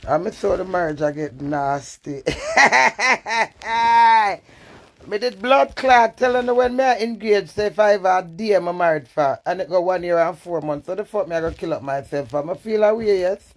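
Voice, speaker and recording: A woman's voice: lowish voice, animated, a little fast, few pauses, darkish tone. A woman with a Jamaican accent, talking bluntly and profanely in a candid live-stream rant, swinging between defiance and emotion. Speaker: social media personality.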